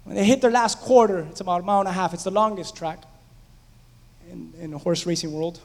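A man with a strikingly high voice delivers a casual, story-driven sermon. He turns to the congregation with questions as he goes. His voice carries a long reverb, as in a large sanctuary. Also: a little fast, vocal fry. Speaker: pastor. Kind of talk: conversational sermon.

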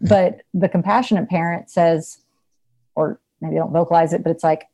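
A woman speaks in a relaxed, conversational way, thinking aloud with plenty of fillers and easy laughter. Her voice sits a little low and sounds mellow. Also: normal speed. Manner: reflective, laughs often, many fillers. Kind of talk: casual conversation.

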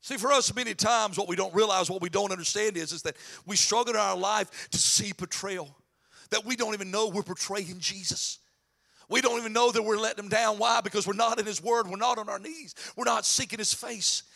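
A man preaching a sermon as pastor, mixing animated preaching with folksy storytelling and joking asides. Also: high-pitched, fairly quick, gravelly. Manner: animated preaching, voice rising in emphasis.

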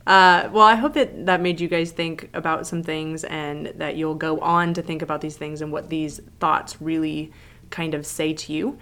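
A woman in her thirties co-hosting a podcast, telling stories in a chatty, animated way. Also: sits low, moderate pace. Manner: chatty, animated storytelling with laughs. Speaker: podcast co-host. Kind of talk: casual chat.

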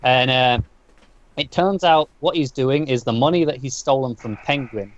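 A man's voice: medium pitch, normal speed, highs cut off. A man co-hosting a podcast, casually recapping a story at length with frequent restarts and repeated words. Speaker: comic book podcast co-host.

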